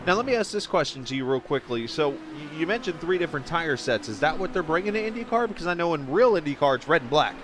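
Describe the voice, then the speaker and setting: A man's voice: a little high, very animated, fast, few pauses, background noise. A man calling a sim racing broadcast as play-by-play commentator, chatty and joking, with plenty of ums and uhs. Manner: chatty, filler-heavy, joking.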